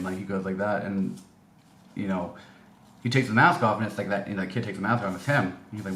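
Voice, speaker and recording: Speaking quickly and expressively in a fairly low voice, a vlogger tells a casual, rambling story packed with fillers and restarts. The indoor room gives the recording an echo, plus some faint noise.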